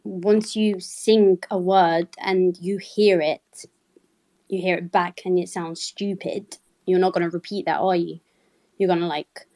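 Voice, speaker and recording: A woman's voice: fairly low pitch, mellow, no echo. A woman from the UK in casual chat, frank and teasing, laughing often.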